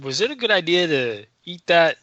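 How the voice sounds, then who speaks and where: A man co-hosting a podcast, telling a story in casual chat, excitable and full of swearing. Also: fairly high pitch, moderate pace, highs cut off, a little hiss or hum. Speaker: podcast co-host.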